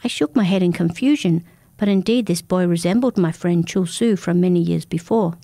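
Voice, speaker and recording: A woman narrating a first-person folk tale in a calm, measured, intimate manner. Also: fairly low pitch, dry recording. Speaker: storyteller.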